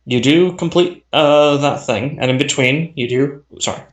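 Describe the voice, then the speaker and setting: A man running a tabletop game, chatting casually between turns with a halting delivery full of fillers and restarts, heard over a voice call. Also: on the high side. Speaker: game master. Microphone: voice chat over the internet. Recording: echoey voice-chat audio.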